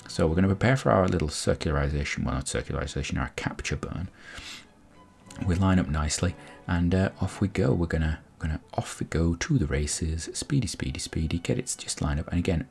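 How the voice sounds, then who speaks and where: A man's voice: low voice, vocal fry, a little mellow, slightly rough. A man giving casual, rambling commentary on a space game, explaining each step as he goes. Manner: rambling, explanatory, frequent restarts. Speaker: gameplay commentator.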